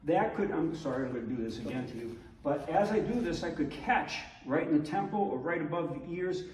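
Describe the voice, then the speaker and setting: A man teaching a martial arts demonstration, explaining slowly and checking in with his listeners. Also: on the high side, animated, darkish tone, slight background noise. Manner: measured, explanatory, checks in with "okay?". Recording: roomy echo from far off.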